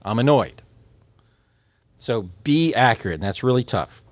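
A man teaching a class on communication. He talks in a lively way, laughs often, quizzes his listeners and repeats words as he restarts. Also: medium pitch, a little slow, dry recording. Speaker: instructor.

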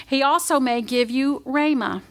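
A woman's voice: high-pitched, a little slow. A woman giving a sermon, earnest and emotional, at times dropping to a near whisper and tearful. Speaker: pastor's wife preaching.

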